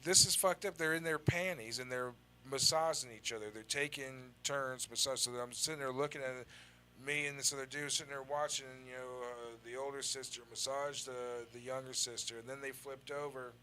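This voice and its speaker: A man's voice: mid-range voice, fairly quick, slight background noise. A man telling a long story in casual, swearing talk, acting out the lines of the people in it. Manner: animated, acts out quoted dialogue.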